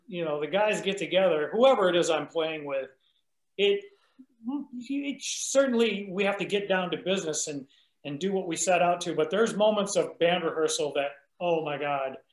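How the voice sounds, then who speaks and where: A man's voice: high-pitched, moderate pace. A man, a musician guest, chatting casually in an interview and laughing often. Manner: laid-back, laughs often. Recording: roomy echoey sound.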